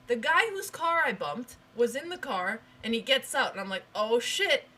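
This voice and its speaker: A young woman co-hosting a stream, telling a rambling, animated story in casual chat, full of restarts. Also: a little high, normal speed. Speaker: stream co-host.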